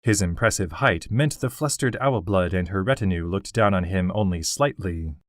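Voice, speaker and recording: A man narrating a fantasy audiobook in a steady, even delivery. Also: low voice, normal speed, dry recording, clean studio sound.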